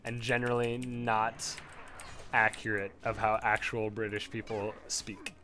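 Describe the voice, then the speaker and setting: A man's voice: fairly low pitch, completely flat delivery, unhurried, sharp tone, a little hiss or hum. A man giving casual, rambling gameplay commentary while leveling a character, swearing freely and laughing often.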